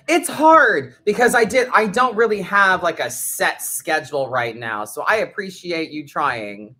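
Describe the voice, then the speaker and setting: A low-pitched woman runs a live tarot stream, talking casually to viewers. She is blunt and sweary, and her pitch swings widely as she talks. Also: bright, forceful tone.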